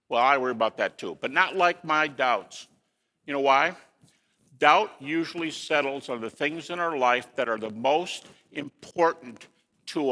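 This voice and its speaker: A man giving a lecture to an audience in an animated way, with rhetorical questions and folksy asides. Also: fairly high pitch, in a large hall.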